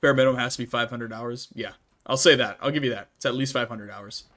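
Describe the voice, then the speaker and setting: A man's voice: mid-range voice, fast talker, a bit bright. A young adult man hosting a casual livestream Q&A while gaming, talking in a rambling, chatty way with many restarts and fillers. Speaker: streamer and channel host.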